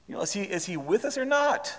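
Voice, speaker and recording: A man's voice: high voice, big pitch swings, fast, a bit bright. Man preaching in a reverberant church. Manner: conversational, emphatic preaching that asks the congregation questions. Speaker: pastor. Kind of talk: sermon.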